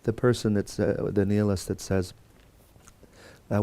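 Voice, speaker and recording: A man's voice: fairly low pitch, flat delivery, unhurried, creaky, mellow. A man teaching a Bible course in a conversational lecture style, with fillers and restarts and quotes acted out. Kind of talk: classroom lecture.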